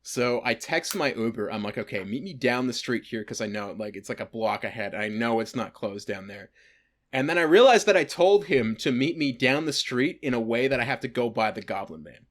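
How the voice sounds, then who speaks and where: A man's voice: mid-range voice, animated, brisk, fairly bright tone. A young man recounts a story in a casual podcast chat. He rambles along, piling up fillers and curse words. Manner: rambling with lots of "like" and swearing. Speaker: podcast co-host.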